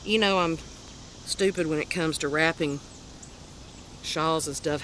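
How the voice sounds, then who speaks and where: A woman's voice: low voice, unhurried, long pauses, fairly bright tone. Southern woman host, chatty show-and-tell, laughs at herself, faint noise behind. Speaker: crochet podcast host. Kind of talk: casual show-and-tell chat.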